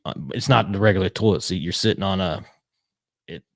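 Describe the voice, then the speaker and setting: Man, lowish voice, rambling animated storyteller, dry close mic. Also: brisk, gravelly, no echo. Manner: animated, acts out quotes, swears casually. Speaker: retired pit crew member, guest. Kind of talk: casual storytelling.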